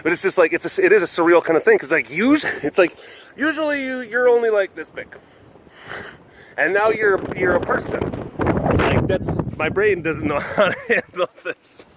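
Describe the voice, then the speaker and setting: A man's voice: high-pitched, fairly quick, background noise. A man vlogging outdoors at an animal sanctuary while walking, talking in a rambling, casual way and chuckling often. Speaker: vlogger at a big cat facility.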